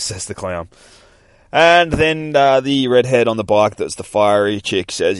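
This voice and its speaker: A man's voice: on the low side, lively intonation, measured pace, clear, resonant tone, no echo, clean studio sound. A young man hosting a podcast, casually recapping a comic book in a rambling, profane way and laughing often as he reads lines aloud. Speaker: podcast host.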